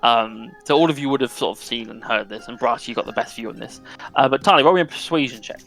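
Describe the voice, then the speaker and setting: A man runs a tabletop game, describing scenes in a loose, casual way full of fillers. His voice sits at a middle pitch, with faint music playing under the talk. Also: quick pace, fairly bright tone. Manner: casual, filler-heavy narration. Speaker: game master.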